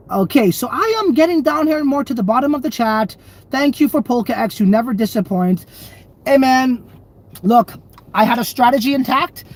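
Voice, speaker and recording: Profane, laughing man hosting a livestream. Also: high-pitched. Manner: loose, rambling and profane, laughs often. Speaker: crypto livestream host. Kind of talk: casual livestream chat reading viewer comments.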